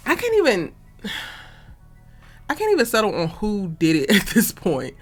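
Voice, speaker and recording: A woman reviewing a TV episode in a casual, animated and exasperated way, talking straight to her viewers. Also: medium pitch, moderate pace, long pauses, husky, faint music behind. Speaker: TV review vlogger.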